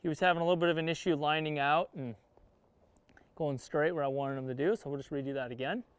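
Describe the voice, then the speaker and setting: A man's voice: a little high, steady tone, fast talker, clear, resonant tone, no room sound. A man teaching horse training while riding, coaching the horse in short words and explaining to viewers in plain-spoken cowboy talk. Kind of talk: instructional riding lesson. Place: outdoor riding arena.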